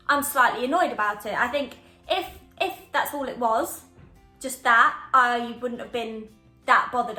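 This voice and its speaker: A young woman telling a storytime vlog in an animated, emphatic way, acting out quoted dialogue. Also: a little high. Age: young adult. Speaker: vlogger. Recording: echoey room, faint background music.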